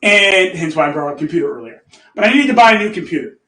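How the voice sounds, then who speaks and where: A man hosting a casual storytelling session for his community. He is animated, laughs often, swears, and keeps checking in with "okay?". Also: high-pitched, fast, roomy sound, far from the mic. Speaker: host.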